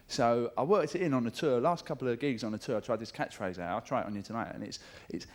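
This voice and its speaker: A stand-up comedian from England with a London accent performs live on a large theatre stage, cheeky and swearing freely, often shouting out mimicked voices. His voice is medium-pitched and he talks quickly with few pauses. The show was taped with audience noise audible.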